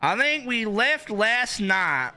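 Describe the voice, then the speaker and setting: A young man chatting on a live stream in a high, bright voice that is sharp and edged. He talks in a hyped, rambling way, full of filler words, and his pitch jumps around a lot. Faint music plays under him. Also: very animated, slow. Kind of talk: casual live-stream chat.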